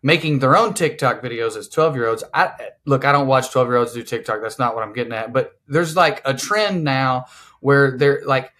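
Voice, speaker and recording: A man's voice: mid-range voice, moderate pace, fairly bright tone. Man, podcast host, casual, rambling explainer.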